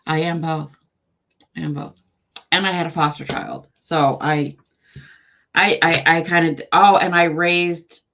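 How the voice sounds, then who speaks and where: Low-voiced frank woman giving readings. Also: vocal fry, fairly bright tone. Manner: frank, affectionate, direct advice; chatty, asides to viewers. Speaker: tarot reader. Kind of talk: live-stream psychic reading.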